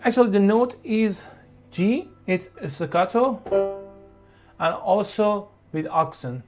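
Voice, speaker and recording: A piano teacher who explains a beginner piece in a slow, halting way, with frequent fillers and restarts. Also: medium pitch, lively intonation. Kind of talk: online piano tutorial.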